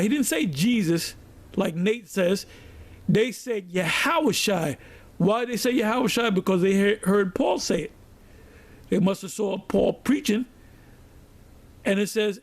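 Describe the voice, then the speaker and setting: A man's voice: high voice, unhurried, pauses often. A man preaching a sermon, telling stories and reading scripture aloud. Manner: storytelling, reads scripture aloud.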